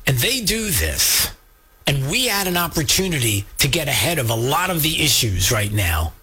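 A medium-pitched male voice, bright and a bit rough, carries a forceful tone. He's a political talk radio host working in the studio, emphatic and fired up, aiming his words directly at his co-host and the people tuning in.

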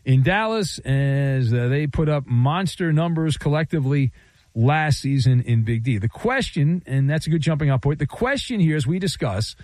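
A man's voice: on the high side, lively intonation, normal speed, a little mellow, no echo. A man hosting a sports talk radio show, riffing in a sarcastic, playful monologue.

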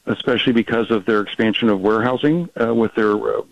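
Low-voiced man talking fast on a dull line. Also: steady tone, gravelly, no room sound. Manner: fast, full of restarts and fillers. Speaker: policy researcher guest. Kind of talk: phone-in radio interview.

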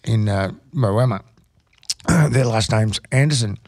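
A middle-aged man with an Australian accent, telling rambling stories on air, halting with many restarts and fillers. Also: fairly low pitch, darkish tone, dry recording, clean studio sound. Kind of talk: casual storytelling on radio.

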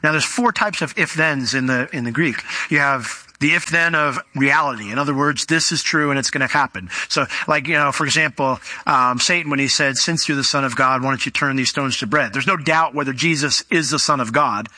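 Bright, conversational male preacher. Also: medium pitch, a little fast, few pauses, dry recording. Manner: conversational storytelling preacher, acts out Bible characters in voices. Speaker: pastor. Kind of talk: sermon.

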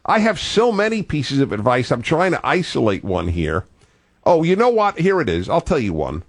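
A man's voice: on the high side, wildly swooping pitch, moderate pace. An older man hosting a call-in radio talk show, thoughtful and digressive, often restarting his sentences.

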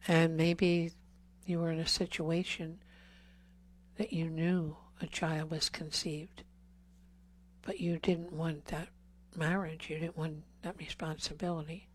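Woman, earnest lay preacher, slow measured delivery, low flat voice, whispered emphasis. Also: breathy edge. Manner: slow and earnest, drops to whispers on key words; pleading repeated questions. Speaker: speaker at a healing service. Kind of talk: Catholic talk to a congregation.

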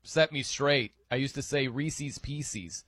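A man's voice: mid-range voice, slow pace, fairly bright tone, no room sound, studio quality. A man hosting a sports radio show, chatting casually and laughing as he mimics people in his stories.

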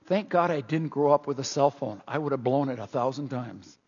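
A middle-aged man preaching a sermon in an animated, emphatic, repetitive way. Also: medium pitch, fairly quick, husky. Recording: dull reverberant church sound.

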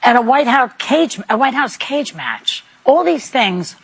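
A woman hosting a talk show, questioning a guest with pointed, needling remarks and quick quips. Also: fairly high pitch, very animated, vocal fry, breathy edge.

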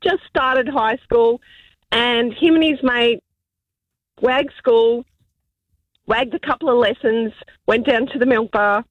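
A woman telling a story on a radio call-in show, chatty and easygoing. Her voice sits a little high. It sounds close and dry. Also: slow, long pauses, no room sound, phone-quality sound. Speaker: caller.

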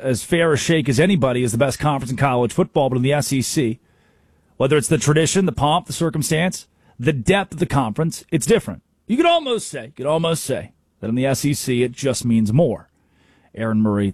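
A man's voice: medium pitch, darkish tone, no echo, studio quality. A man hosting a sports talk radio show, delivering an emphatic, opinionated monologue.

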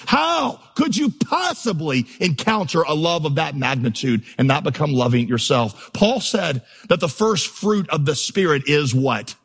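A man preaches in a church auditorium, telling stories and building rhythmic lists. His voice sits a little high. A long reverb from the large hall trails behind each phrase. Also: expressive, measured pace, hardly any pauses, a bit bright, slightly rough. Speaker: pastor. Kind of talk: sermon.

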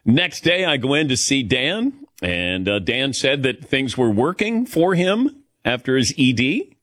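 A man's voice: mid-range voice, sing-song, unhurried, a bit bright, no echo, clean studio sound. A middle-aged man hosting a radio talk show, telling a self-mocking story in a chatty way and laughing often.

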